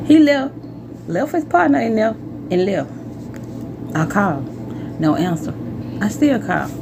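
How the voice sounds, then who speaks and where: Woman, animated slangy storyteller; pitch jumps around; audible background noise. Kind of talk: casual storytime.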